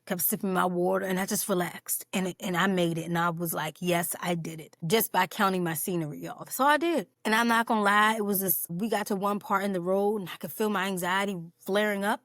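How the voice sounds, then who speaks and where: A woman's voice: medium pitch, brisk, few pauses, a bit bright, dry recording, studio quality. A woman hosting a personal mental health podcast, talking candidly and earnestly straight to her listeners. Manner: candid, openly emotional. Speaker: podcast host.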